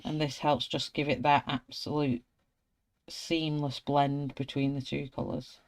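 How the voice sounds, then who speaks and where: A woman's voice: very deep voice, level tone, unhurried. Chatty Wigan woman with a broad accent. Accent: Wigan, Lancashire. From Wigan, England. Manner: chatty, laughs often, greets viewers by name. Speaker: art tutorial host. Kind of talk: live colouring tutorial chat.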